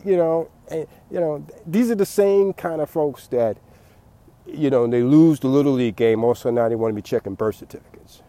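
A man's voice: on the high side, dark tone. A man giving a late-night rambling monologue, repeating words and laughing at his own jokes.

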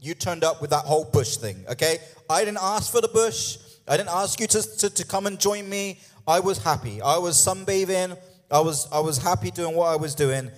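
An exasperated male prophet pleads with God and fires off indignant questions, as a preacher acts him out. The voice sits a little high. It rings with the long reverb of a large hall. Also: moderate pace, faint music behind, close to an everyday voice.

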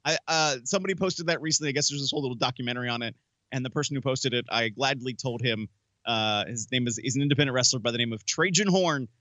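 Male co-host from Northeast Pennsylvania: bright tone, measured and casual, dry close sound. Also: medium pitch, no room sound. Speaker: podcast co-host. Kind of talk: casual wrestling chat.

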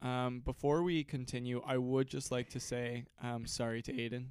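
A man's voice: medium pitch, level tone, moderate pace, a little mellow, smooth, no room sound. A man hosting a casual podcast chat, rambling and hesitant, often laughing at himself. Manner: rambling, hesitant, self-mocking. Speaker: podcast host.

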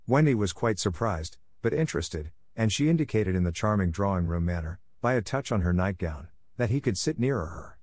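A man reads a children's storybook aloud in a measured, even way. His voice sits low, and the recording is dry and close, with no room sound. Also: no echo. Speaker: narrator. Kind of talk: scripted storybook narration.

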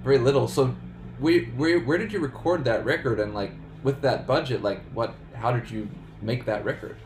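A man's voice: medium pitch, normal speed, a little mellow. A man hosting a casual interview, asking questions with eager, fan-like enthusiasm. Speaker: interview host. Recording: echoey room with faint noise.

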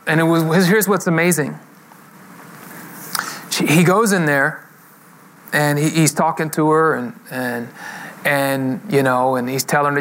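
A man's voice: on the high side, steady tone, moderate pace, fairly bright tone, slight background noise. A man preaching a sermon, telling a story and acting out the quoted voices of the people in it. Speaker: pastor.

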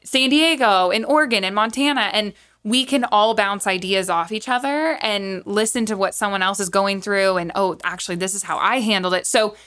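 A woman's voice: medium pitch, normal speed, few pauses, a bit bright. A woman who trains horses, chatting casually as a guest with lots of fillers and restarts. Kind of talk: casual podcast conversation.

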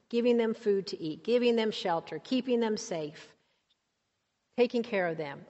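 A woman preaching a sermon to a congregation, emphatic and conversational, rising to high exclamations. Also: a little mellow, highs cut off. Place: church. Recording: long hall reverb.

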